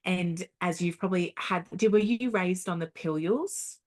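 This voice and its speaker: A woman's voice: on the low side, moderate pace. A woman working as a homeopath, telling stories in a casual interview and acting out the quotes. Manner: animated storytelling, acts out quotes.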